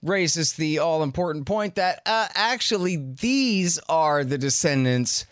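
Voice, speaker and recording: A man's voice: fairly high pitch, lively intonation, unhurried, no echo, clean studio sound. A man hosting an interview, asking questions in an informal, emphatic way. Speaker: host. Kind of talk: conversational interview.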